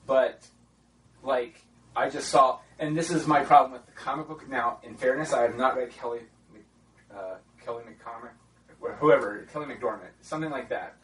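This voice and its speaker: A man's voice: medium pitch, moderate pace, slight background noise. Chatty man, echoey room. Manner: chatty, animated, laughs often. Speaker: podcast host. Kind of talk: casual chat. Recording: echoey room, mic at a distance.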